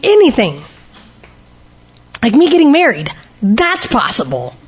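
A woman's voice: fairly high pitch, huge pitch swings, measured pace. A woman speaking candidly and emotionally to a recovery group, sharing her personal testimony and shifting her pace for emphasis.

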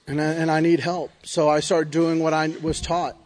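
A man's voice: a little high, flat delivery, normal speed, a little mellow. A man giving a personal recovery testimony in an earnest, confessional way, often checking in with "right?". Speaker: recovery speaker.

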